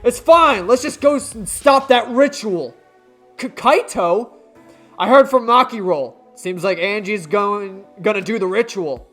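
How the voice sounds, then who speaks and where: Man putting on a loud brash young hero, high and shouty, faint game music behind. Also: a little slow. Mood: pumped up. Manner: shouty, boisterous, stammering when flustered. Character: brash loud young male astronaut hothead.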